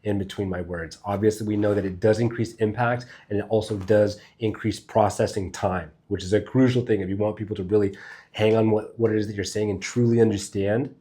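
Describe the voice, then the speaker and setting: A man with a fairly low, mellow voice teaches in a loose, conversational way. He swears casually and works through his ideas out loud, like a speaking coach talking straight to camera. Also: steady tone, a little fast. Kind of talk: casual spoken lesson to camera.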